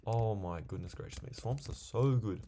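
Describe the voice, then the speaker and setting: A man's voice: lowish voice, normal speed, mellow, slight background noise. A young man chatting to himself while playing a video game, rambling casually from one thing to the next. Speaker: gaming video creator. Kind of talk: casual gameplay commentary.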